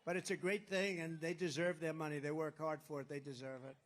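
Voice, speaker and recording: Man, political candidate, campaign rally speech, higher-pitched male voice, rambling, boastful, repetitive. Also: flat delivery, brisk, a little hiss or hum. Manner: rambling, boastful, repeats phrases. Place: rally at a golf resort.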